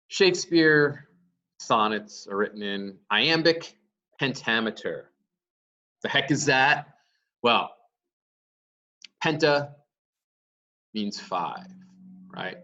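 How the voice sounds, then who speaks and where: A man's voice: fairly low pitch, pushed and bright, recorded from a distance, muffled recording. A male teacher giving a lecture, explaining step by step and answering his own questions. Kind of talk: classroom lecture.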